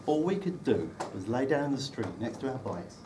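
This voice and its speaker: A man's voice: medium pitch, lively intonation, a little fast. Man telling a roast at a wedding. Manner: dry, teasing storytelling with comic timing. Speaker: wedding speech giver, friend of the groom. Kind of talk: humorous wedding speech. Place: wedding reception room, indoors. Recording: distant mic with loud room noise.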